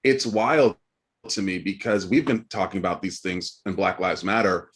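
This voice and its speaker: A man's voice: deep voice, normal speed, a bit bright. A man co-hosting a podcast, teasing his co-host in casual chat and turning reflective.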